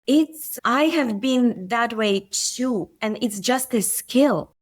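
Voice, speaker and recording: A woman's voice: fairly high pitch, animated, takes it slowly. A middle-aged woman, a physician and coach, telling stories earnestly in a podcast interview. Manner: earnest, storytelling, occasional grammar slips.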